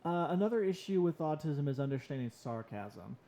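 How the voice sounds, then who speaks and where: Young male podcast co-host, dark mellow tone, slightly higher voice, casual storyteller. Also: a little fast. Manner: storytelling, animated when quoting himself. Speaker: podcast co-host on the autism spectrum.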